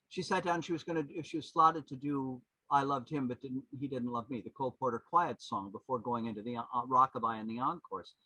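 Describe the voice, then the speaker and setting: Man in his 70s, podcast guest, animated rambling anecdotes, bright voice, dry close sound. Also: mid-range voice, slightly rough, dry recording, low-quality recording. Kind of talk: anecdotal storytelling.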